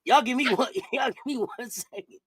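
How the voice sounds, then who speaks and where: A woman's voice: a little high, normal speed, a bit bright, husky. Giggly woman co-hosting a live stream. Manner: giggly, breaks into laughter, repeats phrases. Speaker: co-host. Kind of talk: casual live-stream chat.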